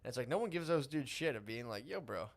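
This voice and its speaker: A man's voice: medium pitch, expressive. A man co-hosting a podcast in casual chat, telling stories and swearing freely. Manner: fast, swearing, storytelling. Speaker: podcast co-host.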